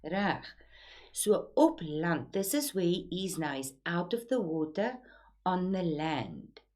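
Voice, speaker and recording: A woman, teaching a poem, explaining it slowly and deliberately while switching between two languages. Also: on the low side, very animated, darkish tone.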